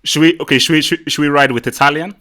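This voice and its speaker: A male host chats on a casual live stream, joking and competitive and repeating himself as he pushes for a win. His voice is bright and forceful, set a little high. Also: fairly even intonation, quick pace. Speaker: channel host.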